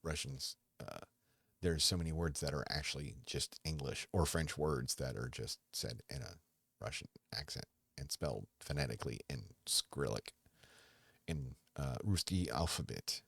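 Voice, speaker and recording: A man in his forties with an extremely deep, gravelly voice talks casually as a solo podcast host. He rambles and halts, restarting his sentences often. The sound is dry and close. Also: expressive, fairly bright tone, no room sound. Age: 40s. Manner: rambling, halting, with many restarts.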